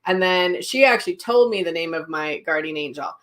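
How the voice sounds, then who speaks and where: A woman's voice: on the low side, expressive, fairly quick, fairly bright tone. A middle-aged woman, a psychic medium, casually chatting on a live stream, telling stories and reading viewer comments aloud.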